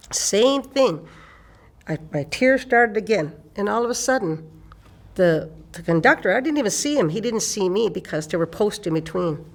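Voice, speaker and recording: An older woman from eastern Canada, an elder telling a personal story in an unhurried way and repeating phrases for emphasis. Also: medium pitch.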